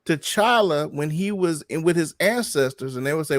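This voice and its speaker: A man co-hosting a casual podcast, excitable and quick to repeat himself in short bursts. His voice is a touch high with wide pitch swings, and the sound is dry and close. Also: no room sound. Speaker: podcast co-host. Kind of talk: casual chat. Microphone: remote call microphone.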